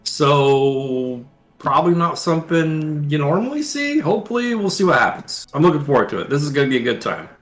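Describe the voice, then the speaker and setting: A man introducing himself as a player on a game stream, relaxed and friendly in a casual chat. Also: fairly high pitch, a little fast, faint music behind.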